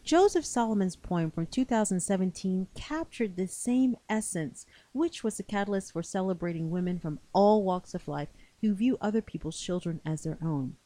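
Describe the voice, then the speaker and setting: A woman host gives a measured, scripted introduction. Her voice is mellow and warm, recorded dry and close. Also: mid-range voice, expressive, no echo.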